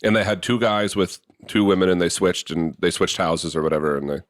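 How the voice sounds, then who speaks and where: Rambling low-voiced man in casual chat. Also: a little fast, no echo, clean studio sound. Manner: rambling, filler-heavy storytelling. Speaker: podcast co-host.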